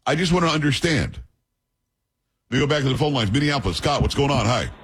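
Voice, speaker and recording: Emphatic husky-voiced male radio host. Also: mid-range voice, expressive, quick pace. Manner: emphatic, storytelling, opinionated. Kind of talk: call-in talk radio.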